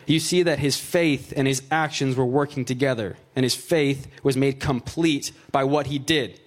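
A man's voice: medium pitch, normal speed. A man preaching a conversational sermon. He reads scripture aloud, then explains it in plain, joking asides peppered with "like" and "right?".

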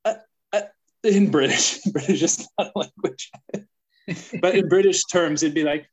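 A man's voice: animated, normal speed, slightly rough, rough recording. A man co-hosting a podcast, joking and rambling in casual chat. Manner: jokey, rambling, pitching mock ads. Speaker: podcast co-host.

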